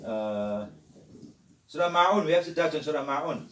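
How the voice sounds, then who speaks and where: A middle-aged man teaching a religious study lesson, emphatic and excitable, switching between chanted recitation and explanation. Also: high voice, normal speed, a little hiss or hum. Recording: echoey room, mic at a distance.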